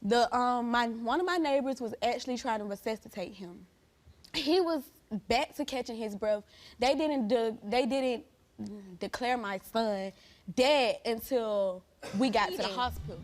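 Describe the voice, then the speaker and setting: A young woman with a high-pitched voice speaks on a television talk show stage. She is grieving and pleading, and her voice rises into loud accusation. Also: a little slow. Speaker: guest. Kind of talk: emotional talk show testimony.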